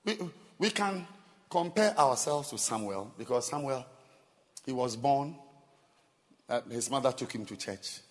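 A male pastor preaches in a slow, deliberate rhythm, his pitch swinging widely as he laughs and throws questions at the congregation. Every phrase hangs in the long reverb of a church hall. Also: animated. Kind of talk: sermon.

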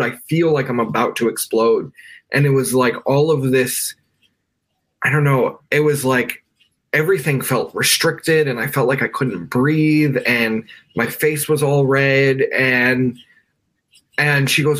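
A man's voice: mid-range voice, measured pace, fairly bright tone. American man telling a personal story. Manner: emotional, many fillers and restarts. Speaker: guest. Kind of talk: conversational storytelling. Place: his bedroom at home.

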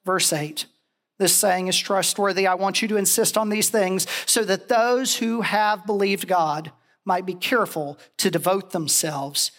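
A woman giving a chapel sermon, telling it expressively, her voice climbing on the key phrases. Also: medium pitch. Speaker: chapel speaker.

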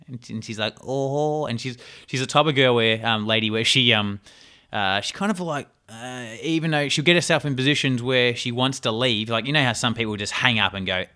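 A man's voice: mid-range voice, fairly quick, pushed and bright. A young man hosting his own podcast, talking casually in a rambling, chatty way and often laughing. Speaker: podcast host. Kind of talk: casual solo podcast talk.

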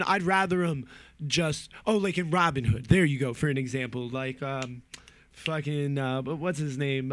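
A man's voice: on the high side, normal speed, dry recording. A man from New Jersey in a casual rant, rambling with lots of fillers and swearing. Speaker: movie reviewer.

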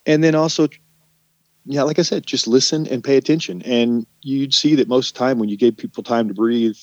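A man's voice: medium pitch, a little fast, dry recording, dull audio. A man talking casually and candidly about managing restaurant staff, rambling and swearing now and then. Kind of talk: casual conversation.

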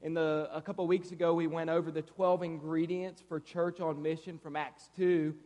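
A man preaching as a guest speaker in a church, with a lively, conversational style and playful asides. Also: a little high, moderate pace. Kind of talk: sermon. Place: church sanctuary. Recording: reverberant hall.

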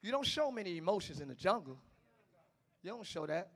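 A male pastor preaching a passionate sermon, swinging between shouting and hushed tones and talking straight to the congregation. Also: high-pitched, very animated, fairly quick, slightly rough. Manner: talks directly to the congregation, calling them y'all.

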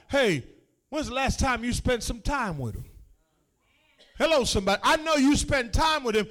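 A male pastor preaching a sermon in a call-and-response style, building from spoken lines to shouted, sung-out phrases. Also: very high voice, very animated, moderate pace, pauses often.

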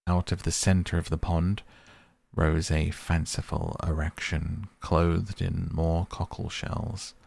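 A man narrating a classic children's story in a measured, expressive audiobook reading. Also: sits low, gravelly, breathy edge, dry recording.

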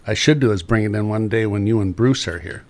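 A man's voice: lowish voice, fast talker. A middle-aged man, a trapper chatting on the radio in a folksy, rambling way with many fillers. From Upper Peninsula of Michigan. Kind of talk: casual radio chat.

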